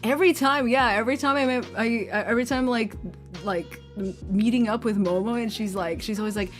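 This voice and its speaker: A woman's voice: a little high, fairly quick, soft background music. A woman hosting a VTuber stream, telling stories animatedly in casual chat, breaking into laughs and voiced quotes.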